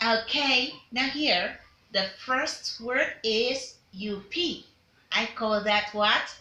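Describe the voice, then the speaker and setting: Bright-voiced woman drilling vowel sounds. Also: medium pitch, reverberant, slight background noise. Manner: drills sounds, repeats and prompts learners to say words again. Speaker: diction teacher. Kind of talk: pronunciation lesson, call and response.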